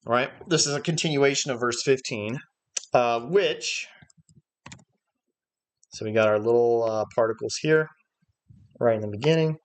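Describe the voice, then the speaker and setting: A man's voice: medium pitch, moderate pace, pauses often. A man leading a livestreamed Bible study lesson, explaining Greek words step by step and thinking aloud with frequent "uh" fillers. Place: church livestream.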